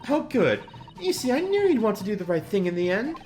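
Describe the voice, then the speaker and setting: A woman's voice: medium pitch, big pitch swings, fairly quick, darkish tone, soft background music, pitched above the performer's own voice, close to an everyday voice. A woman voicing a cheerful young British girl inventor with a prim, scolding manner. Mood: bubbly prim.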